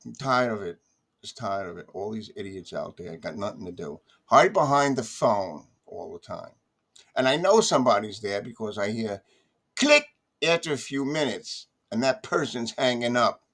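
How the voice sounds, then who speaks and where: Lowish but a bit bright, this American man's voice has lively intonation and a moderate pace. He's a vlogger ranting casually to camera, exasperated, grumbling, and circling back to the same complaints.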